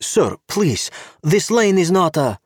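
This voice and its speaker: A man's voice: sits high, sing-song, breathy edge, no echo, studio quality, pitched above the performer's own voice, full character voice. Man putting on a polite, insistent policeman. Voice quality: halting broken English. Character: Czech male policeman, polite but insistent.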